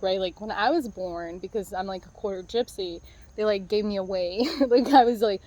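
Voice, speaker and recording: A woman's voice: mid-range voice, darkish tone. Woman rambling casually in her backyard. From outside the US, moved there as a child. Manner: rambling, filler-heavy, says "like" constantly. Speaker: vlogger. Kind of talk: casual vlog chat. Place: outdoors in a backyard.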